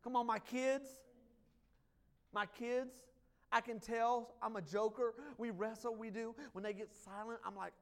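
Man, pastor, church sermon, dynamic, hushed to loud, joking asides. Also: very high voice, steady tone, measured pace. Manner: dynamic preaching, swings from hushed to loud, jokes with congregation.

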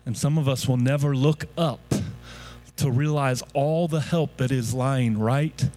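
A man's voice: mid-range voice, a little slow, soft background music. A male pastor preaching a sermon, leading the congregation in call-and-response declarations and building to impassioned peaks. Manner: rousing call-and-response preaching, rising to shouts.

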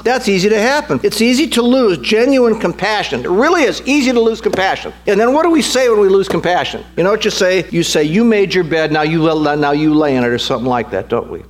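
A middle-aged man preaching a sermon as pastor, emphatic and repeating phrases for stress. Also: high voice.

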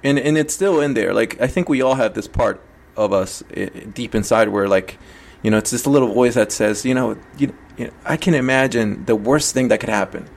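A man's voice: medium pitch, fairly quick, creaky, darkish tone. Loose-talking male podcast host. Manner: loose, casual, swears, many restarts. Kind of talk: casual chat over an internet call.

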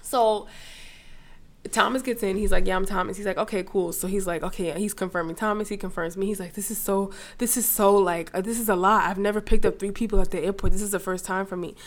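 A woman's voice: mid-range voice, fast talker. Young woman telling a rowdy story. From New York area. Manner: animated, swearing, mimics people in quotes. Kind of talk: casual storytelling chat.

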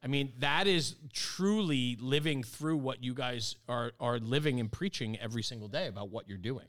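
A man's voice: mid-range voice, normal speed, a bit bright. Affirming male podcast host. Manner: affirming, reflective summarizer. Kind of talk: casual interview.

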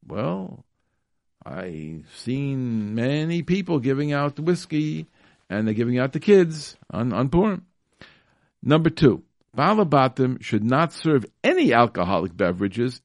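A man's voice: mid-range voice, sing-song, unhurried, darkish tone, dry recording, clean studio sound. A man hosting a call-in radio show, talking casually and emphatically, with frequent restarts and fillers. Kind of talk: casual talk radio commentary.

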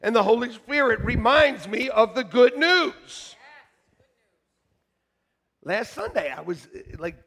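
A male pastor preaching a sermon to his congregation, joking with them and moving between quiet asides and shouted emphasis. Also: very high-pitched, big pitch swings, slow pace, pauses often. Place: church sanctuary.

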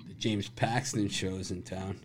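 Podcast host, man, lowish voice, blunt and playful; some background noise. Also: fairly even intonation, unhurried. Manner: joking, laughs often, blunt opinions. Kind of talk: casual sports betting chat.

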